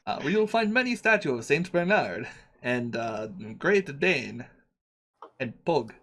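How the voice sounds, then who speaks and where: A man's voice: high voice, lively intonation, voice pushed up. A man voicing a short, hunched old male shopkeeper with a put-on foreign accent and broken English. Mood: welcoming. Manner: fawning salesman, broken halting English. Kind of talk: tabletop game voice acting.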